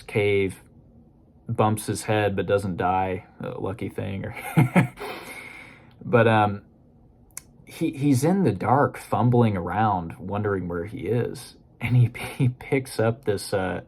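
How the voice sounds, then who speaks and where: Low-voiced man rambling about a book. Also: slow pace, darkish tone, breathy edge. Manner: rambling and loose, full of hedges like "you know" and "kind of". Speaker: book discussion host. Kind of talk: casual spoken book review.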